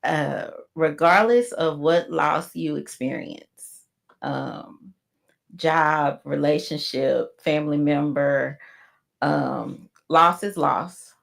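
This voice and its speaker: Woman, podcast co-host, low gravelly voice, slow, reflective, faith-based encouragement. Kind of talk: heartfelt closing reflection.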